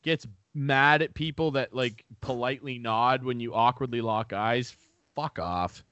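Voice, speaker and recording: A man's voice: medium pitch, level tone, moderate pace, fairly bright tone, no echo, lo-fi sound. A man co-hosting a podcast, telling a story in casual, profane chat over a remote call. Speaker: podcast co-host. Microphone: remote call mic.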